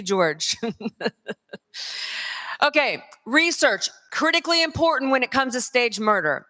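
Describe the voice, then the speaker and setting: A woman from North Carolina with a Southern accent, giving a lively conference lecture straight to the audience. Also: sits high. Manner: lively, addresses the crowd directly. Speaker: conference speaker. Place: large conference hall. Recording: long hall reverb.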